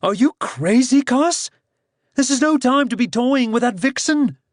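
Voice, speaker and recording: A man voicing a fearful, superstitious male rogue who speaks dismally, his voice rising high. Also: animated, a little slow, no room sound, clean studio sound. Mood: alarmed.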